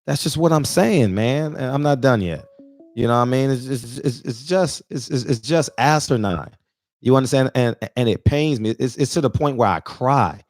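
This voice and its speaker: This barbershop talk show regular, a man in his forties, is emotional and close to tears as he preaches in a casual, emphatic monologue that circles back to the same points. He has a medium pitch, lively intonation, normal speed, and a darkish tone, with no echo on the recording.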